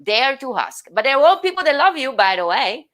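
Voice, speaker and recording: A woman's voice: high voice, very animated, moderate pace, fairly bright tone. An Italian woman with an Italian accent, hosting a casual live-stream chat from home, talking animatedly with many restarts. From Italy. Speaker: host.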